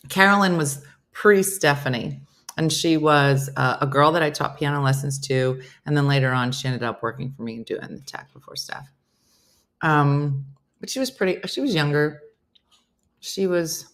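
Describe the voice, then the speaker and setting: A middle-aged woman hosting a casual morning show, chatting with viewers and telling stories full of quoted dialogue. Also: low voice. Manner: chatty storyteller, quoting others in lively voices. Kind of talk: casual chat reading viewer comments.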